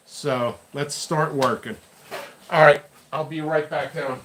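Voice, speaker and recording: A man's voice: fairly high pitch, fairly even intonation, slow pace, background noise. Chatty man rambling in a vlog. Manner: rambling, chatty, talks to himself while working. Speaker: pepper seed seller and channel host. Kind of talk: casual solo vlog.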